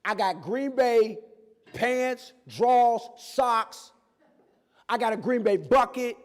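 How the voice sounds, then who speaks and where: A man giving a lively, conversational motivational talk about his own life, acting out bits of dialogue as he goes. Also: very high voice, in a large hall. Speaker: guest speaker. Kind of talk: motivational personal storytelling talk. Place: campus event hall.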